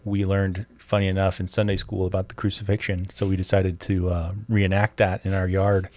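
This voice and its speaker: A man with a deep, darkish voice speaks briskly with little pitch movement. A forensic interviewer appearing as a podcast guest, he explains his work step by step in casual conversation and tells stories with a laugh.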